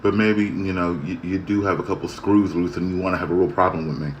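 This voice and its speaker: A man talking straight to the camera in a casual vlog, venting his annoyance in a heated, repetitive way that swings from loud to quiet. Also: low voice, steady tone, fast talker, highs cut off, a little hiss or hum. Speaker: vlogger. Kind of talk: casual ranting monologue.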